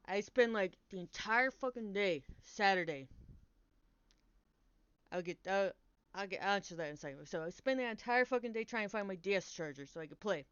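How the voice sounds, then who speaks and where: A young woman streamer telling a rambling, animated story in casual chat, swearing often and restarting her sentences. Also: medium pitch, fairly quick, clean tone, dry recording. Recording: dull, lo-fi, dry stream mic.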